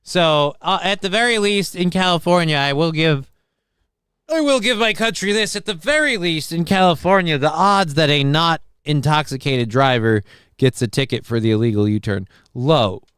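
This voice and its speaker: A man hosting a live call-in stream, reading out chat comments with dry deadpan humor, rambling and swearing casually. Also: fairly high pitch, moderate pace, smooth, dry recording. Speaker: livestream host reading chat.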